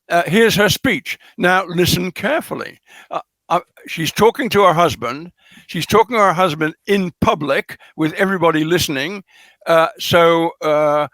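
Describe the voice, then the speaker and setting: A man being interviewed as a scholar, explaining carefully in an unhurried lecturing way, full of ums and restarts. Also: fairly high pitch, fairly bright tone, no echo. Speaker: guest scholar. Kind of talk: lecturing conversation.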